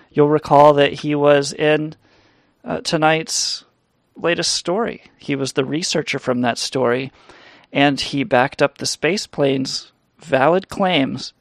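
A man's voice: medium pitch, gravelly, no room sound, studio quality. A man hosting a comedy live stream, rambling crudely and reading chat comments aloud. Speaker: stream host.

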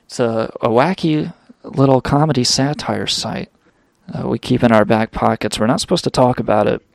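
A man's voice: medium pitch, normal speed, creaky, dry recording, clean studio sound. A young man hosting a radio show, telling a wild story in a rambling, profane way with lots of fillers. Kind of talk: storytelling drug anecdote.

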